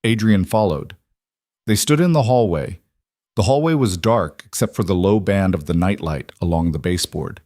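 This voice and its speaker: A man narrating a scripted story in a measured, even delivery. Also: deep voice, dry recording, clean studio sound.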